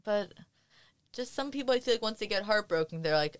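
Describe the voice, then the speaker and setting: A woman's voice: medium pitch, animated, brisk, clear, resonant tone, no echo. A young woman co-hosting a podcast in casual chat, teasing her friend, laughing often and rambling with lots of fillers. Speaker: podcast co-host.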